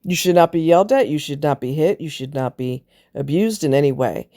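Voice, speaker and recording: Blunt, emphatic woman with a mellow low voice. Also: animated, fairly quick. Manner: blunt, emphatic, preachy, with casual swearing. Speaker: relationship commentator. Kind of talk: opinionated monologue.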